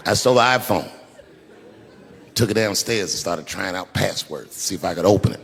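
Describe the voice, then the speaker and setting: A man doing stand-up storytelling, animated and swinging between hushed asides and loud outbursts, recorded in a reverberant live hall. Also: low voice, a little fast, vocal fry, a faint crowd. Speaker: stand-up comedian.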